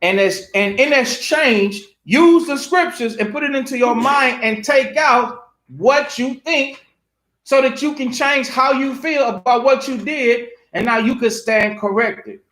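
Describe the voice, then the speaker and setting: A man's voice: extremely high pitch, measured pace, a bit bright. A man preaching from scripture with emphasis, asking rhetorical questions and repeating phrases. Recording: roomy echo.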